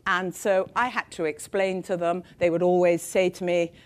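An older English woman speaking to an audience about her book, with a somewhat low voice. She tells her story conversationally, pausing with ums and restarts. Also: fairly even intonation. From England. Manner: conversational storytelling with frequent fillers. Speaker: author giving a talk. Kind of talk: public talk to an audience.

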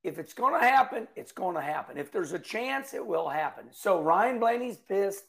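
Folksy racing commentator, middle-aged man, lively storyteller, high raspy tone. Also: normal speed. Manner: folksy, animated storytelling with acted-out quotes. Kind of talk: casual monologue.

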